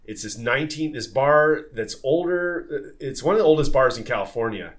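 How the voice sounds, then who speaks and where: A man who sailed on tall ships, telling stories in a casual podcast conversation, lively and full of fillers and restarts. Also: medium pitch, moderate pace. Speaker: former tall ship sailor.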